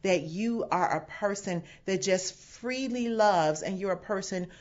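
A woman's voice: mid-range voice, a little slow, a little mellow. A woman pastor giving a sermon, teaching with emphatic quoted asides and bursts of laughter. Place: home setting away from the sanctuary. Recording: dull lo-fi sound.

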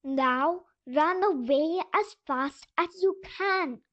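Sly purring cat, as a woman plays it, slow and high, storybook, muffled lo-fi sound. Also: fairly bright tone, no echo. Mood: coaxing. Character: skinny sly black cat, resentful servant. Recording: dull lo-fi voice message.

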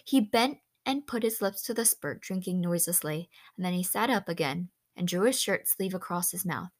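A woman's voice: fairly low pitch, moderate pace. Woman reading a storybook aloud. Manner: expressive, brief asides to the listener, small self-corrections. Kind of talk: reading a children's novel aloud with word explanations.

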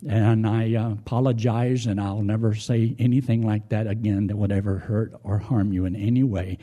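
A man preacher voicing a rude, wisecracking male parrot in a sermon joke, jumping between high taunts and halting, stammering apologies. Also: flat delivery, dark tone, lightly acted. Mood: stammering contrite. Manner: taunting, then stammering and halting when half frozen. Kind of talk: sermon storytelling.

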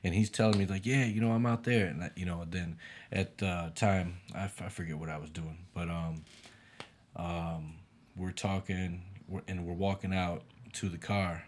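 A man's voice: sits low, flat delivery, normal speed. A man telling a long story in casual chat, laid-back, with lots of fillers and swearing.

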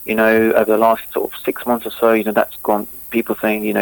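A man's voice: fairly low pitch, monotone, quick pace, creaky, no room sound, rough recording. A man, a cricketer being interviewed, talks eagerly and rambles with many fillers and restarts. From England. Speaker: cricketer and guest.

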